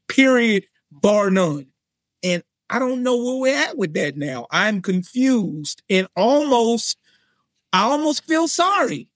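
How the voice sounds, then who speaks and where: Animated male podcast co-host, high-pitched, dry close-mic sound, acts out his reactions. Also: no echo. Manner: animated, acts out his own thoughts in quotes. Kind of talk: casual wrestling podcast chat.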